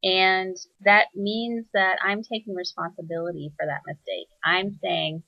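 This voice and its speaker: A woman hosting a reflective spoken monologue, soft-spoken and searching, pausing often with fillers as she thinks aloud. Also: medium pitch, steady tone, dry recording, muffled recording. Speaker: spiritual teacher.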